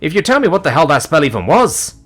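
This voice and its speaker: A man putting on a proud male master wizard with a raised, husky voice. He snaps back in short, blunt retorts, lively and quick to bicker. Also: a little high, faint music behind, pitched above the performer's own voice. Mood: exasperated.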